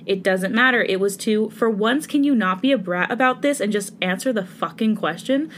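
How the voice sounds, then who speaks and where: Woman voicing a jealous young man, hoarse, brooding, fanfic audiobook, plain pitch. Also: normal speed, a little hiss or hum, natural voice. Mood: angry.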